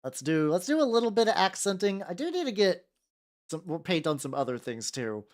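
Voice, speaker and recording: Rambling young man, lively pitch. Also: brisk. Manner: rambling, self-deprecating, lots of restarts and fillers. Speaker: VTuber streamer painting miniatures. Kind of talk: casual chat while painting.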